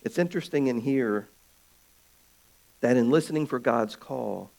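A man preaching a sermon as pastor of his church, swinging from loud calls to hushed, quiet stretches. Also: mid-range voice, measured pace, creaky.

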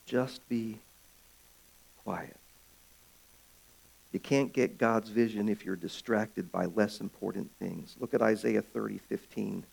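A man preaching a sermon as pastor of his church, swinging from loud calls to hushed, quiet stretches. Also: on the low side, vocal fry.

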